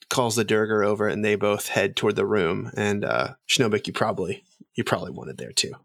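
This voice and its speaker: A man narrating as game master in a rambling, halting way with many fillers. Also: on the low side, gravelly, fairly bright tone, no room sound, studio quality.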